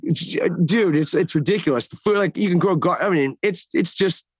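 An older actor, a guest, talking in a rambling, excitable, profane way in casual chat. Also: male voice, sits high, normal speed, breathy edge, dry recording, lo-fi sound. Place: outdoors by a lake.

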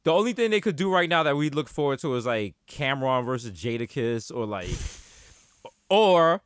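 A man in his thirties from New York chatting casually as a podcast co-host, joking and slipping into quick impressions. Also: medium pitch, very animated, clean tone, no echo, studio quality. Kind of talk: casual banter.

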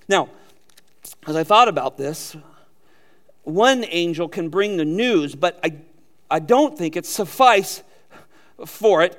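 A man preaching a sermon, earnest and emphatic, with repeated phrases and rhetorical questions to his congregation. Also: sits high. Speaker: pastor.

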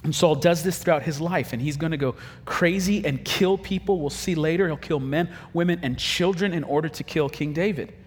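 Husky-voiced pastor preaching in a hall. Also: male voice, fairly high pitch. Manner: animated storytelling, acting out quick quoted voices. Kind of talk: humorous conversational sermon.

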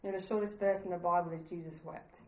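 A woman's voice: fairly low pitch, fairly even intonation, fast talker, roomy sound, rough recording. A woman preaching a sermon in an earnest, conversational way, laughing at herself now and then.

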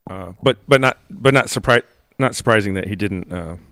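A man's voice: fairly low pitch, brisk, a bit bright, no room sound. A man co-hosting a podcast in casual chat, rambling with many fillers and restarts and laughing often. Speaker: podcast co-host.

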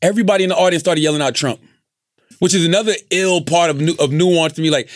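A man hosting a casual talk podcast, animated and profane, emphatic when making a point. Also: a little high, fast talker, dry recording, studio quality. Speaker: podcast host. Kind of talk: casual chat.

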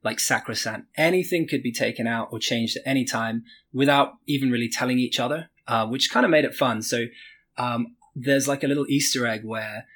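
A man's voice: mid-range voice, fairly quick, fairly bright tone. A man who is a game developer, speaking as a podcast guest in a loose, rambling way full of filler words. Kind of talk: casual interview.

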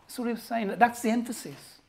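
A man preaching a sermon as a pastor, impassioned and swinging from loud outbursts to hushed whispers. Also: extremely high pitch, fast, vocal fry, rough recording.

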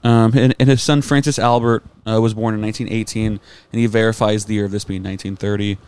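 A man co-hosting a podcast, chatting casually and joking, with loose, drawn-out delivery. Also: lowish voice, little pitch movement, a little mellow, clean tone. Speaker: podcast co-host. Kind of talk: casual chat.

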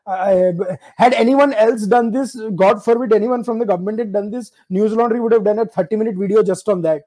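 A man's voice: high-pitched, fairly quick, mellow, poor audio. A man with an Indian accent hosting a casual podcast chat, slipping Hindi phrases into his talk. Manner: fluid, mixes in Hindi phrases. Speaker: podcast host.

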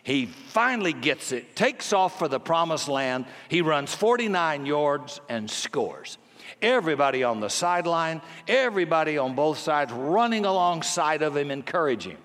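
An older man preaches in a storytelling way, his slightly high voice rising and falling widely from hushed lines to emphatic ones. Long reverb from a large hall trails every phrase. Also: moderate pace. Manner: animated, swings from hushed to emphatic. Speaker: pastor. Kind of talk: storytelling sermon.

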